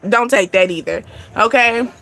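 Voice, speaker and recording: Woman, casual astrology reader, bright high voice, laughs and swears easily. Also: normal speed. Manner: chatty, laughs often, sings and acts out snippets; swears casually, addresses viewers as y'all. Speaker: spiritual reader.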